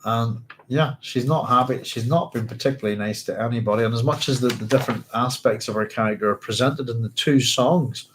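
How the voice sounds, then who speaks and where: A man's voice: medium pitch, a little fast, a bit bright, a little hiss or hum, poor audio. A man hosting a book club at home, reading a novel aloud and musing over it in a rambling, self-correcting way.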